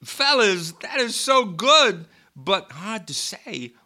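Man doing a halting quirky actor impression. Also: high voice, sing-song, sharp tone, pitched above the performer's own voice, exaggerated voice. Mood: deadpan. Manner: halting, quirky pauses mid-line. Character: impression of a famous film actor, odd halting phrasing. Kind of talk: comedic poetry reading impression.

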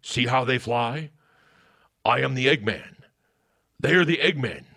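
A stiff older politician reads pop lyrics in a slow, stilted way, as a man puts him on. The voice is gravelly and husky. Each phrase lands with awkward care. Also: mid-range voice, expressive, pushed and bright, heavily acted. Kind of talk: comedic lyric reading impression.

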